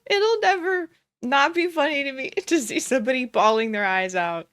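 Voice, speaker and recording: A woman's voice: sits high, sing-song, moderate pace, a bit bright. A young woman streamer giving casual reaction commentary, often breaking into giggles as she talks. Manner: giggly, keeps breaking into laughter.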